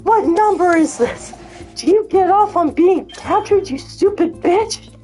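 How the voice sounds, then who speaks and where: A man's voice: very high-pitched, lively intonation, measured pace, soft background music, voice pushed up. Woman doing a furious cursing game plumber. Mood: enraged. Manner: yelling, cursing rants. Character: furious foul-mouthed male game plumber.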